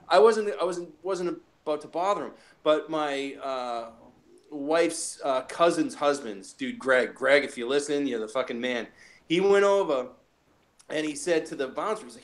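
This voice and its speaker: Profane man telling stories, slightly high voice. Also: normal speed. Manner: profane, animated storytelling with many restarts. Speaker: podcast host. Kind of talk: casual chat.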